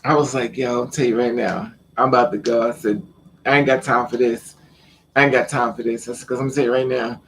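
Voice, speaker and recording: A man's voice: mid-range voice, fairly even intonation, fairly quick, fairly bright tone. A man vlogging, telling a personal story in casual, profane speech and acting out the lines of the people in it. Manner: blunt, profane, quotes people in conversation.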